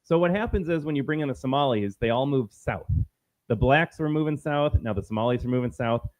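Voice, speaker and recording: A man's voice: mid-range voice, fairly quick. A man from Minnesota hosting a solo political commentary stream, talking in a combative, sarcastic and emphatic way.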